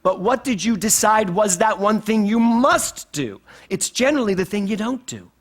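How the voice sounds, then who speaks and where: A middle-aged man preaching a sermon as minister of a spiritual center, playful and animated, often laughing through his points. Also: high voice, moderate pace.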